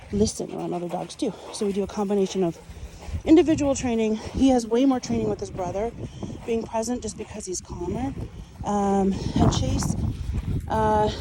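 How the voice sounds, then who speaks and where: A woman dog trainer talks through her methods out in a yard, her explanations steady and her commands to the dogs jumping up high and cheerful. Her voice sits at a medium pitch. Steady outdoor noise runs under the whole noisy recording. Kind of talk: casual training demonstration.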